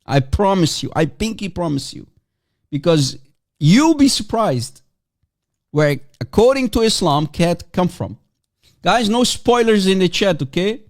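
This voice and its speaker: Mocking livestream man, lively pitch. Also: measured pace. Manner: mocking and provocative, repeats and teases. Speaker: livestream host. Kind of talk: casual livestream chat taking guests.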